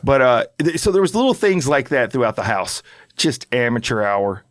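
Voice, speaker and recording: A middle-aged man co-hosting a podcast, telling a story in a lively way and acting out the voices in it. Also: medium pitch, normal speed, dry recording, clean studio sound. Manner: animated storyteller, acts out shouts and quotes. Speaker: podcast co-host. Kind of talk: casual chat.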